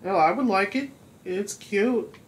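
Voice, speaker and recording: A man hosts a gaming channel's let's play, speaking in a high-pitched voice at a slightly slow pace. He chats along, reads the on-screen text aloud, and comments on small details. Slight background noise and poor audio mark the recording.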